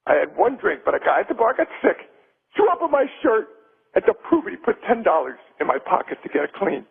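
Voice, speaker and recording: Man doing brash daredevil showman, very high voice, lively swoops, muffled radio sound. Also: brisk, vocal fry, slightly rough, heavily acted. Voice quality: loud, brash, self-promoting. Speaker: comedian guest. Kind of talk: in-character radio banter.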